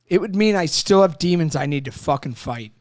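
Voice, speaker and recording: In a clean studio recording without room sound, a podcast host in his thirties and a Marine veteran talks briskly in a slightly high voice. The chat is casual and emotional, packed with swearing and acted-out mini scenes.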